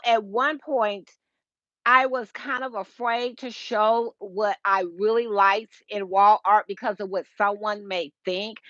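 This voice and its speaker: A woman's voice: a little high, fairly bright tone, no echo, muffled recording. A woman, hosting a casual home decor livestream and chatting with viewers by name, recorded through a Bluetooth earpiece. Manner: chatty, greets viewers by name, laughs often.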